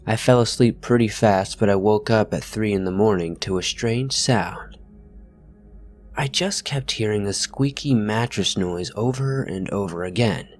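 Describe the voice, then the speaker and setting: A man with a somewhat low voice reads first-person horror stories as scripted narration. He keeps a steady, even reading pace throughout. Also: a little slow, soft background music.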